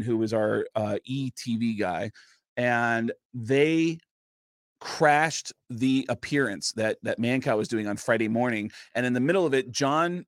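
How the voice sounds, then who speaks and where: A man guesting in a studio, telling a long story in an animated, casual way and swearing freely. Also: mid-range voice, no echo. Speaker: comedian and impressionist guest.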